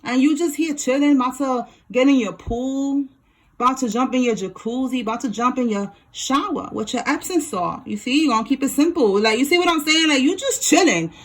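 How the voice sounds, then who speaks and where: A woman's voice: sits high, fairly quick. Blunt, slangy woman reading tarot. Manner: casual, slangy and blunt, with laughs and swearing; talks to viewers directly while pulling cards. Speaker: tarot reader.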